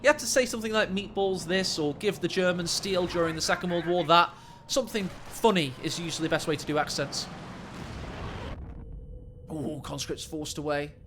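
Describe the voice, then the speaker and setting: A man casting a video game match, joking and rambling and breaking into sudden excited shouts. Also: high voice, normal speed, noisy background. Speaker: game caster.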